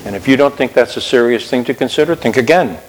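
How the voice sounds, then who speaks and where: A man's voice: medium pitch, fast talker. A man preaching a sermon in a conversational way, often asking his listeners questions. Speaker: pastor. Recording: long reverb of a hall.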